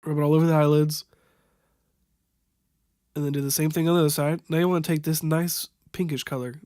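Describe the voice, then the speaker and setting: A young man improvising a makeup tutorial voiceover, halting and stumbling over product names, wryly amused by what he sees. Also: a little high, fairly even intonation, dark tone, smooth, dry recording, clean studio sound. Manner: wry, amused at the footage. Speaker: voiceover narrator.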